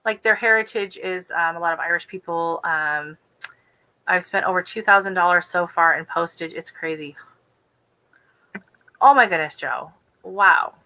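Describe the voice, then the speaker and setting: A woman from the West Coast of the United States hosting a casual gardening livestream, talking quickly and chattily with easy giggles. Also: on the low side, pushed and bright, rough recording. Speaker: gardening channel host.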